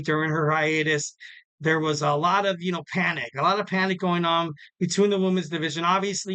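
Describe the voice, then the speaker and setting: A man hosts a casual solo podcast, rambling through his points with frequent fillers and restarts. His voice sits a bit high and rings bright and forward. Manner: rambling, full of fillers and self-corrections. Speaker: podcast host.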